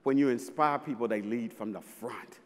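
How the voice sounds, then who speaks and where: A man from Mississippi, a basketball coach giving a punchy, playful talk on stage with bursts of loud emphasis. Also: mid-range voice, normal speed, long reverb tail. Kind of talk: live inspirational stage talk. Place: large festival venue with audience.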